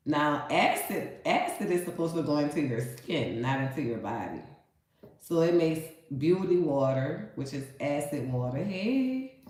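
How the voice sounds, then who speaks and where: Woman vlogger, nasal, folksy kitchen chat, lowish voice, very echoey room. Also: a little mellow. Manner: chatty, folksy, calls viewers baby and honey. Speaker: cooking vlogger. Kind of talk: casual cooking talk to viewers.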